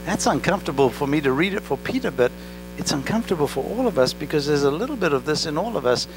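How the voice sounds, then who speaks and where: A pastor with an accent preaching a sermon in church, talking directly to the congregation and asking them questions. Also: male voice, fairly high pitch, lively intonation, quick pace. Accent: non-native English accent. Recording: faint mains hum. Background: mains hum.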